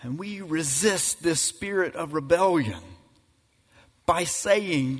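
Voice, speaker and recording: A man preaching a sermon as pastor, emphatic and building to loud climaxes. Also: a little high, slow pace, husky. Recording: reverberant hall.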